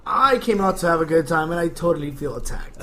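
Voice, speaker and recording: A man's voice: a little high, fast talker. A man hosting a casual podcast, ranting playfully and joking with his guest. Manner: animated, ranting, jokey. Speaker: podcast host.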